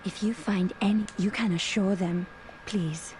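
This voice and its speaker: An actress playing a polite, composed woman doctor who speaks softly and courteously. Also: medium pitch, steady tone, a little hiss or hum, close to an everyday voice, low-quality recording. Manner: courteous, soft, measured. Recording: game audio with faint ambience.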